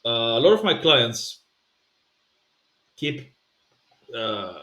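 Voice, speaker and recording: A man at an everyday middle pitch coaching pronunciation, talking it through with lots of "uh"s and repeated sample sounds. His voice carries a noticeable roomy echo. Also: big pitch swings, very slow, long pauses, fairly bright tone. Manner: explanatory, repeats sounds to demonstrate, many fillers. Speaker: language coach. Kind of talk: pronunciation lesson.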